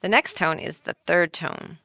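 A woman's voice: lowish voice, big pitch swings, unhurried, gravelly, sharp tone, no room sound, studio quality. A woman hosting a language lesson, explaining with an upbeat manner and laughing easily. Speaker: language teacher host. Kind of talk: scripted podcast lesson with co-host.

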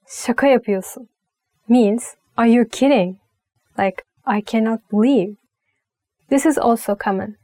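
Slow-paced woman teaching language phrases. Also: a little high, a little mellow, no echo. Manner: slow, careful phrase-by-phrase teaching with light laughs. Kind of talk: online language lesson.

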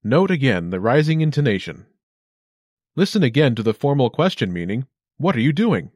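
A man hosting a short language lesson, reading scripted narration with a clear, upbeat instructional delivery. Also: medium pitch, big pitch swings, normal speed, a little mellow, dry recording.

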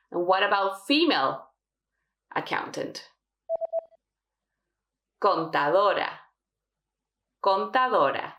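A woman teaching a language lesson, slowly modelling each word twice for learners. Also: medium pitch, fairly bright tone, echoey room. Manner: slow, careful modelling of words. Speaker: Spanish teacher.

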